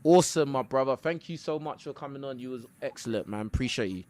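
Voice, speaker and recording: A man's voice: medium pitch, quick pace. A man hosting a live call-in show, talking emphatically and tagging his points with "bro". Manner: animated, emphatic, tags lines with "bro". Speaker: YouTube caller-show host. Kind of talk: casual live call-in chat.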